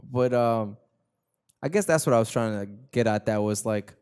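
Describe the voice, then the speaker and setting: A man's voice: fairly low pitch, normal speed, a little mellow, clear, resonant tone. A young man hosting a casual podcast chat, rambling and slangy, often repeating himself. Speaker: podcast host.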